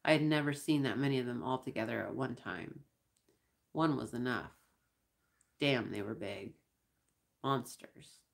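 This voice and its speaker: A woman reads first-person science fiction in a deep, gravelly register. Her delivery is measured, with a dry, wry edge. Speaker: audiobook reader. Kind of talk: first-person sci-fi narration.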